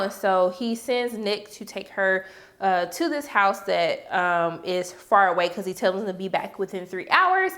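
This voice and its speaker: A woman talks through a TV episode in a casual review. Her voice sits a little high, and she breaks into loud, animated reactions as she recaps. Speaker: TV review host.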